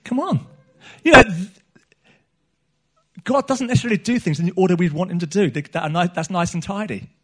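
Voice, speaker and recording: Preaching at a church meeting, a middle-aged man speaks in a husky voice that sits high, moving fairly quickly but pausing often. His sermon is earnest, with repetition and frequently restarted phrases.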